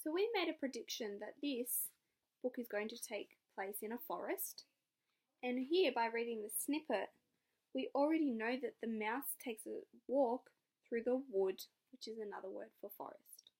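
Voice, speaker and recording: A woman's voice: on the high side, moderate pace, a little mellow. A young woman teacher reading a picture book aloud to children, asking the class encouraging questions. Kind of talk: read-aloud lesson for children.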